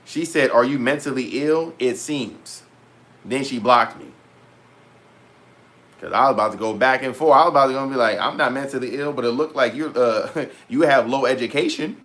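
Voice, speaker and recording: A young man vlogging in a casual, animated rant to his viewers, full of slang and repeated asides. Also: medium pitch, normal speed. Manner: animated, heavy slang, repeats "bro" and "petty". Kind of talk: casual storytelling rant to camera.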